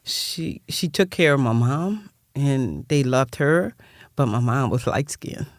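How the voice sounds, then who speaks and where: An older woman, a nonprofit founder appearing as an interview guest, tells her life story in a heartfelt, rambling way, repeating words as she goes. Her voice is rumbling and low with lively intonation and a slow pace, recorded at studio quality with no echo.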